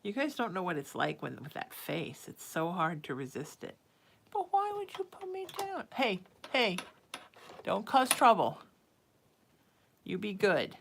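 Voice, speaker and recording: A woman psychic hosting a casual live stream, reading out viewer names and cooing at her cat between readings. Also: medium pitch. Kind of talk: casual livestream chat.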